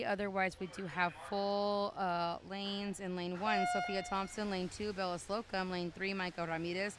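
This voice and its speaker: Over the PA at an indoor pool meet, a woman with a mid-range voice announces in a flat tone at a moderate pace, barely pausing. She's chatty and casual, full of fillers, calling lanes and times and shouting out to the kids. The poolside recording is noisy.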